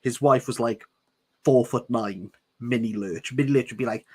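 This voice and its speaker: A man's voice: medium pitch, moderate pace, husky. A man reading a novel aloud and breaking off for sarcastic, jokey commentary. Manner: sarcastic, jokey asides between read passages. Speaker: book reviewer reading aloud. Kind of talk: casual read-along with commentary.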